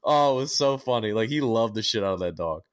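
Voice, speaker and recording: A young adult man, co-hosting a podcast and telling a story in casual chat, profane and animated with many restarts. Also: on the low side, fast talker. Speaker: podcast co-host.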